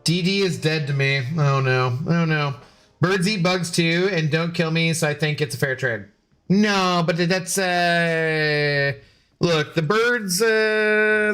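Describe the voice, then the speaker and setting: Joking gaming streamer, man, slightly high voice. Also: a bit bright. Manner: joking, sarcastic, swears freely. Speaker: gaming streamer reading chat. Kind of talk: casual live-stream chat.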